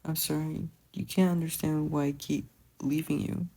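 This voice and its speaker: A podfic reader voicing a gentle teenage older brother who talks softly and coaxingly in a gravelly voice. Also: medium pitch, little pitch movement, moderate pace. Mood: tender. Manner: soft, coaxing.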